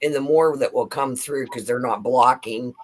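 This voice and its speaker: A card reader in relaxed conversation, talking in a calm, explanatory way about why people open up during readings. The voice sits at a middle pitch. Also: normal speed. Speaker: tarot reader. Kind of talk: casual chat.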